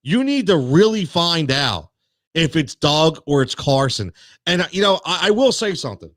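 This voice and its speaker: Sports talk host, man, fired-up rant, higher voice, dry close sound. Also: sing-song, normal speed, a bit bright, dry recording. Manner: worked up, repeats words, many restarts.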